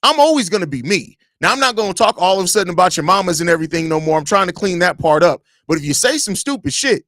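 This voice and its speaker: A man with a Chicago accent hosting a live podcast stream, reading chat comments and ranting in a blunt, profane, animated way. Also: high-pitched, quick pace, few pauses, dry recording, studio quality.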